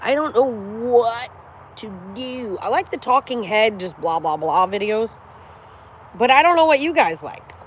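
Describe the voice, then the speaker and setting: A middle-aged woman telling a story in a loose, chatty way, laughing a lot and swearing as she goes. Her voice moves freely up and down in pitch, and faint outdoor noise hangs in the background. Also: measured pace. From United States. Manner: laughing often, profane, animated storyteller. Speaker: vlogger. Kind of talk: casual storytelling chat to camera.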